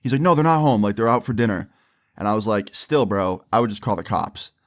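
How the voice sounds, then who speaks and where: A young man casually telling a long personal story, slangy and animated, acting out quoted dialogue. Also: on the low side, brisk. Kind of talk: casual storytime over gameplay.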